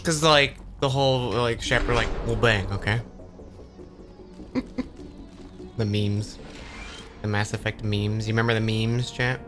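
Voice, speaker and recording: A man's voice: fairly low pitch, fairly even intonation, measured pace, pauses often, music in the background. A young man chatting casually with his viewers while streaming a video game, rambling, repeating words and swearing now and then. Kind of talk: casual live-stream chat while gaming.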